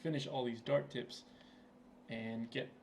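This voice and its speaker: A man's voice: mid-range voice, fairly even intonation, a little slow, creaky, a little mellow, a little hiss or hum. A young man giving casual, rambling commentary over his gameplay, with plenty of fillers, recorded at his computer. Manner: laid-back, rambling, with frequent fillers. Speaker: gaming channel host.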